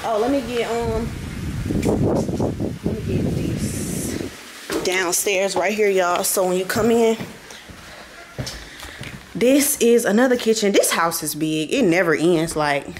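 A woman's voice: medium pitch, takes it slowly, pauses often, background noise. A woman vlogger giving a casual house tour, chatting to her viewers and a little out of breath. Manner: chatty, addresses viewers as y'all. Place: large rental house, indoors.

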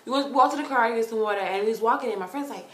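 A young woman vlogging from her corner at home, telling a story in a gushing, excitable way with lots of "like". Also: on the high side, very fast. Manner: excitable, gushing, heavy use of "like". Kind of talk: casual storytelling vlog. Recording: roomy sound with faint hiss.

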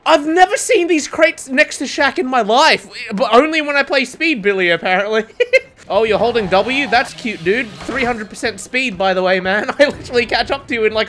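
A gamer giving excitable live commentary over gameplay, swearing and laughing often. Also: medium pitch, moderate pace. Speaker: gamer streaming a match.

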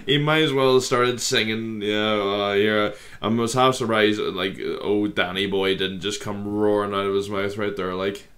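A man's voice: on the low side, fairly even intonation, moderate pace, hardly any pauses, fairly bright tone. A man from Ireland with an Irish accent, hosting a casual reaction video, chatty and full of swearing and laughter.

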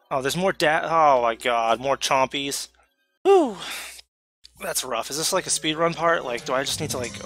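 Bright, excitable man streaming a game. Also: medium pitch. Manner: excitable, talks to himself, sudden yelps. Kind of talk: live gameplay commentary.

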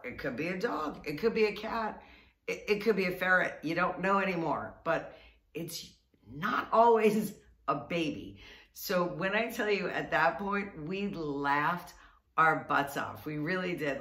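A woman vlogger telling a funny story to camera in a chatty, animated way, often laughing and stretching out words. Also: low voice. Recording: roomy sound, mic at a distance.

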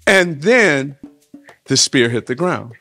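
A man telling a folktale to listeners, with rhythmic refrains and big shifts in pitch and volume. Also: animated, slow pace, sharp tone, soft background music. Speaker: storyteller.

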